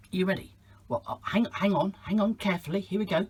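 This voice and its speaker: A woman's voice: mid-range voice, fast, darkish tone, a little hiss or hum, low-quality recording. A woman playing a superhero storyteller, chatting straight to children as she tells her tale.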